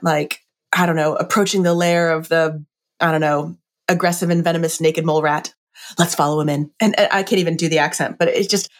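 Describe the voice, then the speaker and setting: A woman chatting casually and enthusiastically as she reviews a wine book, often saying "like.". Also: on the low side. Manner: chatty and enthusiastic, with frequent "like" fillers.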